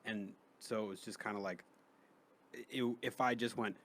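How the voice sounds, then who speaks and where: Low-voiced man, rambling and profane. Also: fairly even intonation, moderate pace, a bit bright. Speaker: comedian guest. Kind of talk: casual podcast chat.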